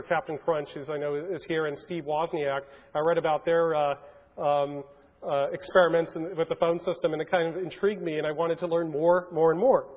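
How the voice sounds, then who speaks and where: Man in his forties, high voice, animated storytelling, stage mic, echoing hall. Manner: animated anecdotal storytelling with fillers. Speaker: keynote speaker. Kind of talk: storytelling keynote. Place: hotel conference hall. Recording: long reverb of a large hall.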